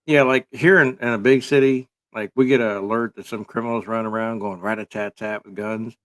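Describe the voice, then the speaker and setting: A man's voice: on the low side, steady tone, brisk, fairly bright tone. A man giving casual, rambling commentary full of sarcastic jokes and filler words.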